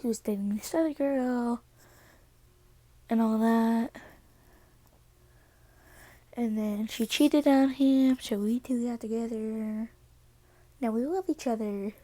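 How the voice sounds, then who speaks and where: A woman voicing a flustered, defensive teenage girl in a fan story she narrates, in a slow, mellow voice. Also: on the high side, dry recording.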